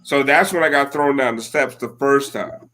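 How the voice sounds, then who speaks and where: Medium-pitched and sharp-toned, a male podcast co-host in his thirties speaks at normal speed. He tells rambling stories in casual conversation, loaded with "like" and profanity.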